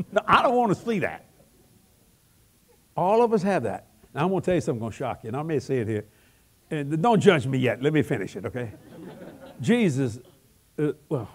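An older man preaching a comic, animated sermon, with sudden shouts, laughing asides and folksy grammar. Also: on the high side, breathy edge. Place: large church hall.

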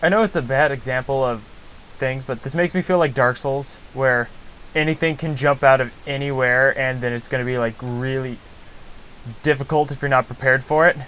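A man's voice: medium pitch, steady tone, normal speed, a bit bright, a little hiss or hum, rough recording. A man giving nervous, rambling commentary while playing a video game. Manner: jumpy, rambling, with restarts. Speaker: let's play host. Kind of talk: gameplay commentary.

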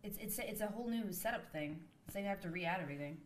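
A young woman co-hosting a stream, high and giggly, talking in quick bursts and laughing often. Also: expressive, a crowd in the background. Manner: giggly, talks fast in bursts. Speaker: co-host. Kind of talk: casual stream banter.

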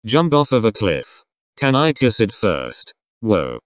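A man's voice: fairly low pitch, huge pitch swings, noisy background. Sarcastic rambling young man. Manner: rambling, sarcastic, fast asides. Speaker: reaction video host. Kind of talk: casual reaction commentary.

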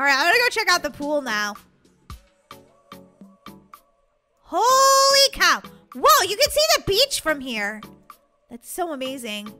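A woman's voice: very high voice, wildly swooping pitch, normal speed, exaggerated voice. A woman voicing a cheerful, curious young girl who exclaims in delight, in a game role-play video. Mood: impressed. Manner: perky, exclamatory, giggly. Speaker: channel's game video narrator and voice actor. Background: children's background music.

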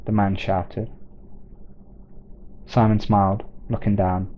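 Low, dark-voiced male storyteller. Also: level tone, unhurried, pauses often. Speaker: narrator. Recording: dull lo-fi recording.

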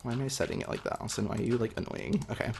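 A young man talking through his game as he plays, chatty and excitable, with lots of ums. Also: mid-range voice, racing, vocal fry, slight background noise. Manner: excitable, chatty, many fillers. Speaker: gaming video host. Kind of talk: live gameplay commentary.

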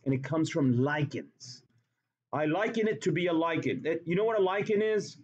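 A man's voice: on the high side, dull audio. A man teaching a chemistry class in a classroom, talking playfully and repeating words for emphasis. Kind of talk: classroom lecture.

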